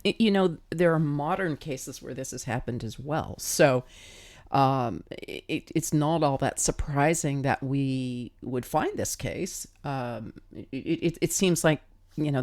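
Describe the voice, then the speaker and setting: A woman's voice: rumbling low, lively intonation, unhurried, darkish tone, no room sound. A woman co-hosting a podcast, chatting casually and playfully reacting to the story. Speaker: podcast co-host.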